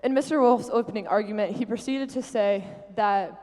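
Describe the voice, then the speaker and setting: A woman's voice: medium pitch, moderate pace, a little mellow. A woman giving a short debate floor speech, precise and emphatic. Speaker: student debate speaker. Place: university hall. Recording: long hall reverb.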